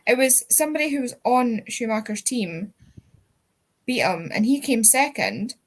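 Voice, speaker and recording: A woman's voice: on the high side, animated, normal speed. A young adult woman with a Scottish accent, hosting a casual livestream chat and telling rambling anecdotes with the odd swear word. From Scotland. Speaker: readathon livestream host.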